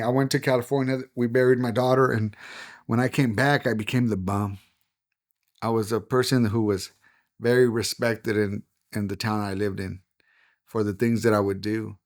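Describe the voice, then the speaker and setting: A middle-aged man, a pastor, giving a personal testimony in conversation, earnest and emotional, dropping to a hush on painful moments. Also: medium pitch. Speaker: pastor and podcast guest.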